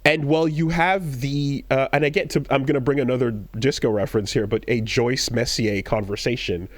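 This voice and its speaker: Podcast co-host, male, lively storyteller who acts out the lines, dry close-mic sound. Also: medium pitch, moderate pace, no echo. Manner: animated storytelling, acts out quoted lines in raised voices. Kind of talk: casual chat.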